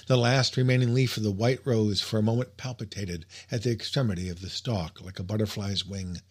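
A man narrating a classic story in a measured, expressive literary reading. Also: on the low side, breathy edge. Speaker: audiobook narrator. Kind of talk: scripted narration.

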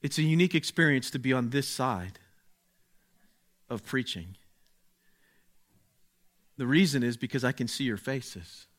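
A man preaching a sermon, speaking slowly and deliberately, dropping to a hush and then rising to exclaim. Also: mid-range voice, lively intonation. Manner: slow, deliberate, swings from hushed to exclaiming.

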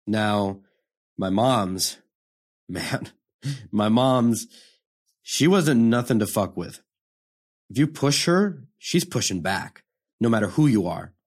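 A man's voice: fairly low pitch, lively intonation, slow, pauses often, a little mellow. An actor playing a hardened young male prisoner, delivering a profane, confrontational dramatic monologue. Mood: bitter. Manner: profane, confrontational street talk.

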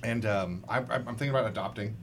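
A man's voice: on the low side, fast, noisy background. A man co-hosting a podcast, rambling in a goofy, joking way. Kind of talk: casual podcast chat.

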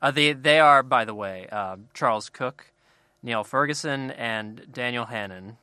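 A man's voice: mid-range voice, measured pace, sharp tone, clean tone, no echo, clean studio sound. A man co-hosting a podcast in casual chat, playful and joking. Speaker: podcast co-host.

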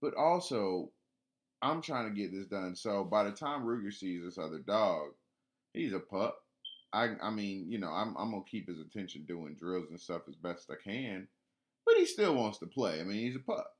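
A man's voice: fairly low pitch, sing-song, normal speed. A man talking casually about training his dog, rambling with frequent restarts and fillers. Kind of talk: casual spoken monologue.

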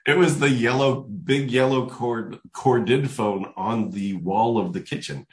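An older man telling a personal story in conversation, lively as he slips into other people's voices. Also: medium pitch, a little slow, a loud crowd. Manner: animated storyteller who acts out quoted voices. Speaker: guest. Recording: echoey room.

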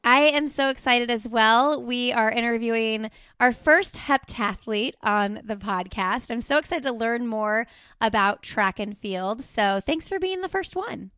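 A woman's voice: a little high, expressive, unhurried, bright, forceful tone, clear, resonant tone, no echo, studio quality. A woman hosting a podcast, chatty and upbeat as she introduces a guest and interviews her. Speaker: podcast host.

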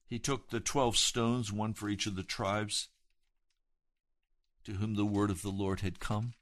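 Male preacher, lower register, emphatic sermon delivery that builds to loud climaxes. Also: little pitch movement, unhurried, no room sound. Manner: retells scripture with dramatic emphasis.

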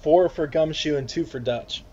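A man's voice: on the high side, normal speed, a little mellow, slight background noise. A man playing a tabletop game, easygoing and methodical as he reads out his dice, on a dull, slightly muffled mic. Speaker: player. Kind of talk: tabletop play, reading dice rolls.

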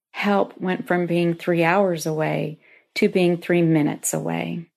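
A woman's voice: lowish voice, vocal fry, a little mellow. A middle-aged woman reading a personal story aloud in an earnest, heartfelt way, as a lodge member.

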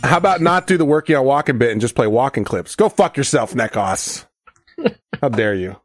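A man's voice: mid-range voice, expressive, a little fast, soft background music. A man hosting a podcast in casual chat, playful and teasing, swearing freely. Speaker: podcast host.

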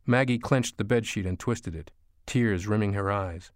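A man reading an audiobook as narrator, slow and hushed storytelling. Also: on the low side, dry recording, clean studio sound. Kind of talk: scripted narration.

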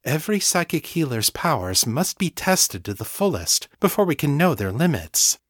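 A man's voice: fairly high pitch, sing-song, dry recording, pitched above the performer's own voice. A serene hive mind of hundreds of psychics , voiced by a male narrator, speaks mildly and formally in an audiobook. The voice sits a little above the narrator's own and is recorded dry and close. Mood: measured. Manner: mild, measured, formal. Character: calm collective hive mind of many psychics.

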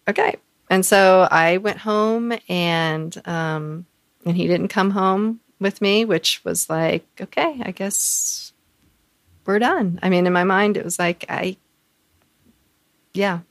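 A woman co-hosting a podcast, recounting a personal story with lots of fillers. Her voice sits low with a gravelly fry. She acts out the voices of others as she talks. The sound is close and dry. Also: takes it slowly, pauses often, no echo. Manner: animated, acts out quoted voices, frequent fillers. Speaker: podcast co-host.

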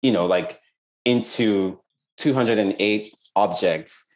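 A man with a very low voice speaks as an interviewed artist. He talks in a reflective, searching way, restarting sentences and reaching for words as he goes. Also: slow. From Nigeria. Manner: reflective, with frequent restarts and "like" fillers. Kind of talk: casual interview conversation.

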